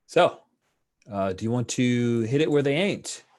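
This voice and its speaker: A man acting as game master over an online call, narrating a tabletop baseball game in a relaxed, chatty way with lots of fillers and little sportscaster flourishes. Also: medium pitch, unhurried. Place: online call with screen sharing.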